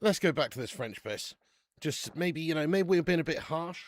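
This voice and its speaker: A man's voice: fairly high pitch, animated, moderate pace, no echo, studio quality. A man hosting a live football watch-along, chatting in casual banter, swearing freely and calling everyone mate.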